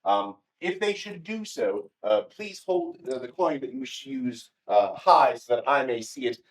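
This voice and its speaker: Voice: mid-range voice, animated, moderate pace, distant mic, poor audio. A game master speaking as a formal court announcer at a live tabletop game, introducing guests in a mock-courtly manner. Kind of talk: live improvised hosting in character. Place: convention stage before a live audience.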